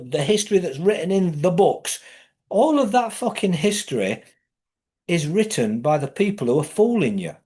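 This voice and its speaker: English bloke ranting, swearing loads, bit of a higher voice, gets worked up. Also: male voice, a little mellow, husky. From England. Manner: swearing often, heated, rising into emphatic outbursts. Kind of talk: profane monologue rant.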